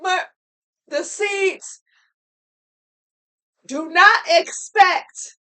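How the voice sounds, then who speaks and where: A motivational speaker gives a heartfelt talk to camera in a very high-pitched, sharp voice at an extremely slow pace. She's earnest and preachy, repeating phrases for emphasis.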